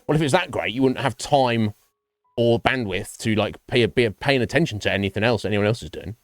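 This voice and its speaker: Animated rambling male streamer. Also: on the low side, a little fast, no room sound, soft background music. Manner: rambling, animated, swears freely. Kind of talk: casual chat with stream viewers. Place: home streaming setup.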